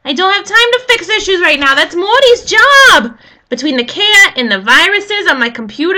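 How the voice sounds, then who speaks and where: High-voiced woman rambling thru a history lesson, chatty, lots of jokey side tangents. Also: big pitch swings, normal speed, sharp tone. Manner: chatty, digressive, jokey asides to viewers. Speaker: history video host.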